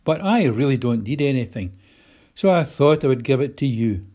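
A man's voice: mid-range voice, animated, moderate pace, dark tone, close to an everyday voice. A man voicing a shy, nervous twelve-year-old girl who speaks politely and hesitantly.

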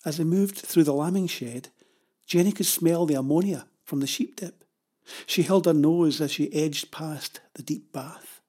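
Storybook narrator, husky tone, measured and steady delivery. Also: mid-range voice. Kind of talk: children's story reading.

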